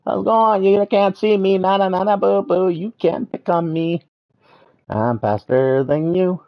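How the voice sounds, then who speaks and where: A man's voice: high-pitched, unhurried, pitched above the performer's own voice. A man voicing a small, cheeky game dinosaur that teases bigger predators in a sing-song way. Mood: teasing. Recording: dull lo-fi sound.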